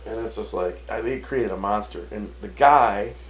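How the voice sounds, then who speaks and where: A Detroit restaurant owner and chef tells animated stories in a casual interview, acting out the voices of the people involved and swearing casually. His voice is fairly low and his pace moderate, on a rough recording.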